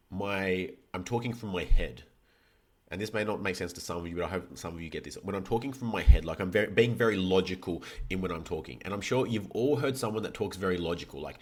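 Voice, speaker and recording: A man hosting a solo motivational podcast, talking candidly and casually, swearing and restarting sentences as he goes. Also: fairly low pitch. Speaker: podcast host.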